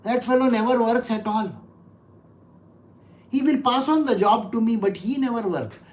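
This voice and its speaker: A woman's voice: on the high side, moderate pace, darkish tone. A woman with an Indian English accent, a spiritual teacher giving a conversational scripture lesson, explaining things in a chatty way with many "you know" and "okay?" tags.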